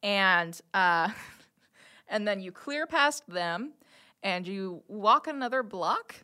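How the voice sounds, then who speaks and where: Bright-voiced woman running a tabletop game. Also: mid-range voice, expressive, slow. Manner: loose, rambling narration with fillers and laughs. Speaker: game master.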